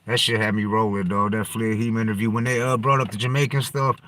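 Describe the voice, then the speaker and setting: A man's voice: lowish voice, little pitch movement, fast, a bit bright, no room sound. A man hosting a podcast, talking loosely in slang and profanity and jumping from topic to topic. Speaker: podcast host. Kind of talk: casual rambling chat.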